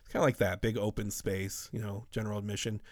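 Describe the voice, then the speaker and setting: Man, 30s, podcast host, slightly low voice, rambling and profane, dry close mic. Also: level tone, fast talker, no room sound. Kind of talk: casual chat.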